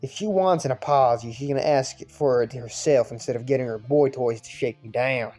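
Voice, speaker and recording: A man's voice: mid-range voice, brisk, darkish tone, lightly acted. A man voicing a brash, crude young man who picks fights, in a put-on Irish accent, over faint music. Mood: taunting. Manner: crude, mocking, swaggering. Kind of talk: fan visual novel voice acting.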